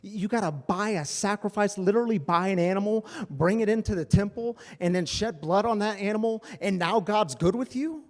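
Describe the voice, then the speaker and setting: A man's voice: high voice, normal speed, few pauses, big-room sound, pitched above the performer's own voice, natural voice. A man playing Jesus as an indignant man scolding traders.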